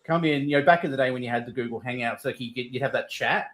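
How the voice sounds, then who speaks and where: A man chatting casually on a stream, telling stories in an animated way with lots of laughter and fillers. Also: mid-range voice, rapid-fire. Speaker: streamer in group chat. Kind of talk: casual chat.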